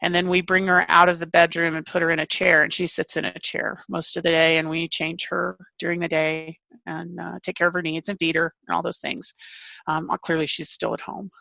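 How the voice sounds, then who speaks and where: A woman author and family caregiver answering interview questions candidly, with halting restarts. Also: lowish voice, little pitch movement, vocal fry, pushed and bright, no echo.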